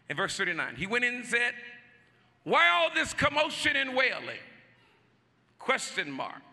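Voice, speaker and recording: A male pastor preaching in a high, gravelly voice with a sharp, piercing edge. He drives the congregation with repeated shouted lines and call-and-response. The sound rings through a reverberant church hall over a faint murmur. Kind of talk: sermon. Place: church sanctuary.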